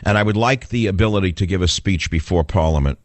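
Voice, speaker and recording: A man's voice: sits low, fast, no room sound. A man with a New York accent hosting a talk radio show, delivering a combative, sarcastic monologue full of rhetorical questions.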